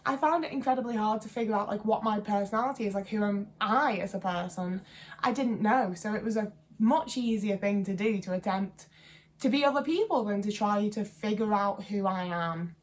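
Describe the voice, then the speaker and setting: A woman's voice: mid-range voice, moderate pace. A woman in her twenties talking to camera in a casual vlog, chatty and rambling with lots of fillers and self-deprecating asides. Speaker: vlogger.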